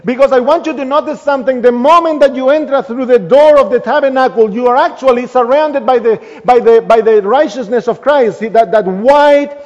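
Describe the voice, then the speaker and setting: Preacher, male, very high voice, emphatic delivery with soft phrase endings, dull lo-fi church recording. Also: brisk, few pauses. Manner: emphatic, trailing off softly at phrase ends. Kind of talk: sermon. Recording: long hall reverb, dull lo-fi sound.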